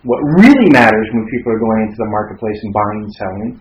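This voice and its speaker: Man, low voice, halting reflective podcast talk, roomy sound. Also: very animated, a little mellow. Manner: reflective, hesitant, builds analogies. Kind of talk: casual academic discussion. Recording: roomy, dull sound with faint noise.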